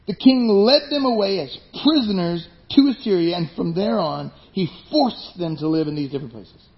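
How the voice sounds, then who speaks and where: A man preaching a sermon, animated, acting out the voices of people in his stories. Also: high-pitched, lo-fi sound. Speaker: pastor.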